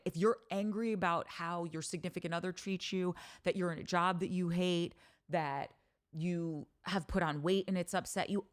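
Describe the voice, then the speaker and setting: Candid lower-voiced woman podcast host. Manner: candid, animated storytelling with frequent swearing and restarts. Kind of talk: casual monologue.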